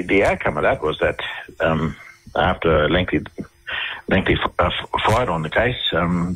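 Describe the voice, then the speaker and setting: A man's voice: low-pitched, fairly bright tone, breathy edge, poor audio. A middle-aged Australian man, a radio interview guest, telling stories in a rambling way full of restarts and fillers.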